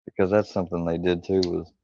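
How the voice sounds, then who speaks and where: On a livestream, a man with a low, gravelly, warm voice tells rambling, profane personal stories quickly and flatly, voicing the people in them. There's no room sound, just dull lo-fi stream audio.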